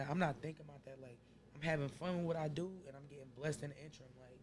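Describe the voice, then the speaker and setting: A man with a New Jersey accent talks fast and earnestly on a podcast, encouraging and candid. His voice sits a bit high for a man. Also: steady tone. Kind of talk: casual podcast chat.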